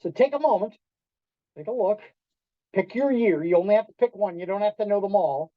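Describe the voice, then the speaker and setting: Man giving an animated storytelling talk. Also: high voice, a little fast, dry recording. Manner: animated, acts out quoted voices, quizzes the audience. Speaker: keynote speaker. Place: restaurant event room. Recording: dull lo-fi dry sound.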